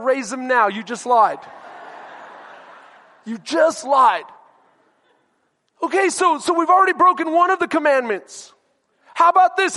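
A man's voice: very high voice, sharp tone, in a large hall. A male pastor preaching a sermon, emphatic and questioning his congregation directly.

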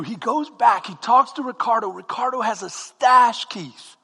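A man preaching a sermon as comic storytelling, animated and now and then breaking into shouts. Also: very high voice, normal speed, hardly any pauses, breathy edge, in a large hall. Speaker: pastor.

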